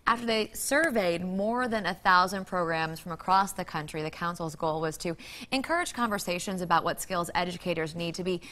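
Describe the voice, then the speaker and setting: A woman co-hosting a live morning TV show in a studio, reading news and laughing with her partner. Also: lowish voice. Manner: bright, giggly, reads news briskly.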